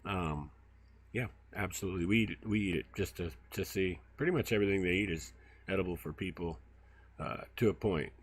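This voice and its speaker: A man's voice: low voice, fairly quick, slightly rough. A man hosting a casual outdoor livestream, telling stories in a rambling way with lots of fillers while he walks through brushy woods by a river. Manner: rambling storyteller, many fillers. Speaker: field researcher and livestream host. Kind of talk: casual walk-and-talk livestream.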